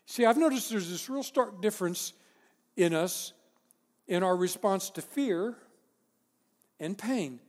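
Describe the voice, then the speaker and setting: A man preaching a sermon, swinging from loud emphatic declarations to low, quiet phrases. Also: animated, takes it slowly, pauses often, in a large hall. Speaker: pastor.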